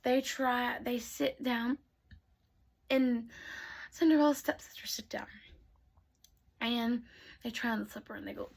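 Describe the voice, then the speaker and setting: Woman, bedtime storyteller, soft, often whispering, husky, gravelly. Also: on the high side, fairly even intonation, measured pace, long pauses.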